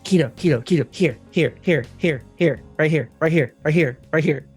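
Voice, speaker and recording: Man putting on a frantic goblin who speaks in broken, repeated bursts; a higher voice. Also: normal speed, slightly rough, soft background music. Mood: urgent. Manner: urgent, repetitive pidgin speech.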